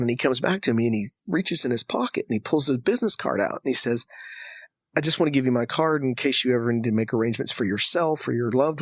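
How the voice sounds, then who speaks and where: Give me a man from Texas telling a personal story, animated, with a dry close sound. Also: medium pitch, dry recording. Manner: animated storyteller who acts out dialogue. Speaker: podcast guest.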